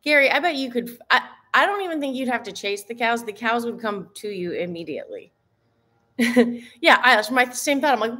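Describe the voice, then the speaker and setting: Woman, fitness coach, live stream chat, bubbly, giggly, slightly high voice. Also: animated, brisk, pushed and bright.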